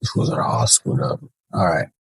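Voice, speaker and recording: A man's voice: normal speed, no room sound, rough recording. A man making casual soccer betting predictions on his own, thinking aloud and correcting himself as he goes. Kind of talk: casual solo prediction talk.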